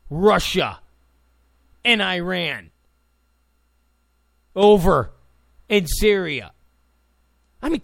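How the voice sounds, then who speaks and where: A man rants in a high, gravelly voice that swings widely in pitch. He talks slowly and repeats his points, with sarcastic asides along the way. The sound is dry and close. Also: a bit bright, dry recording. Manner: heated, ranting, sarcastic asides, repeats phrases. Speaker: political commentator. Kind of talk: opinionated political rant.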